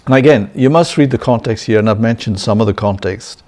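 A man's voice: lowish voice, brisk, darkish tone. A man giving a sermon-style Bible lesson, often checking in with "yeah?" and "right?" and chuckling. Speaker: Bible teacher.

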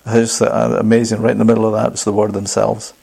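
Gravelly, low-voiced male preacher. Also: monotone, fast talker, dark tone. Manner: emphatic preaching, asks the congregation questions. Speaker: pastor. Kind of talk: sermon.

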